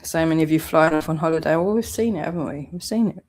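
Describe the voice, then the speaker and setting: A woman's voice: deep voice, fast talker, a little mellow. A British woman with a southeast English accent, delivering a heated, accusatory vlog rant full of swearing. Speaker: channel owner.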